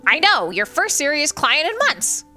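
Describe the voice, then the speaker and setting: A woman voicing a fussy young male sparrow assistant in a game, brisk and teasing. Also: high-pitched, big pitch swings, bright, forceful tone, faint music behind, pitched above the performer's own voice, exaggerated voice.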